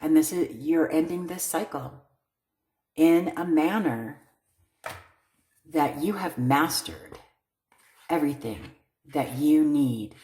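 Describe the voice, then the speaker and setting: A woman's voice: sits low, slow pace, long pauses, mellow, roomy sound. A woman giving a tarot card reading, blunt and emphatic, often checking in with "okay?". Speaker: tarot reader.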